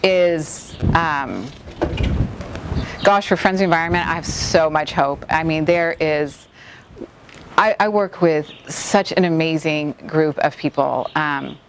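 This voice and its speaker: Low-voiced woman, halting and emotional. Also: a little hiss or hum. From the Bahamas. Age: middle-aged. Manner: halting, many restarts and fillers, close to tears. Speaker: executive director of an environmental nonprofit. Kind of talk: emotional interview recollection.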